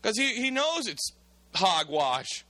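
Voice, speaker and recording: Male preacher telling a bible story, bright sharp voice kinda high, dry close sound, gets really animated. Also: takes it slowly, no echo. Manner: animated, dramatizing, reads aloud in old bible wording. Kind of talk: expository sermon retelling scripture.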